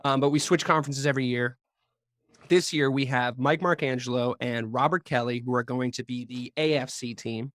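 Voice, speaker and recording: Brash, profane podcast host, dry sound. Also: male voice, medium pitch, fairly even intonation, a bit bright, no room sound. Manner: profane, brash, quick banter. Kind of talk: casual sports podcast chat. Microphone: podcast microphone.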